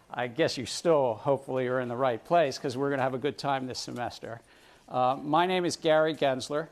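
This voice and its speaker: A man's voice: medium pitch, clean tone. A middle-aged man giving a university lecture, chatty and often putting questions to the students in a room with round tables. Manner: conversational, questions the class often.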